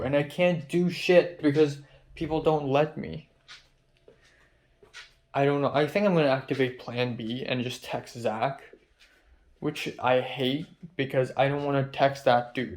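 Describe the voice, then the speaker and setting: Young male vlogger, mid-pitched voice, angry and profane confessional rant. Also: a little mellow. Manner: agitated, profane ranting. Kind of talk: confessional video diary. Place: his apartment, indoors.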